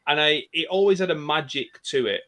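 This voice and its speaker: A man's voice: on the high side, fairly quick, bright, forceful tone. A man in his thirties, talking enthusiastically and nostalgically in a casual podcast discussion. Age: 30s. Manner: enthusiastic, nostalgic, with many restarts. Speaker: podcast guest.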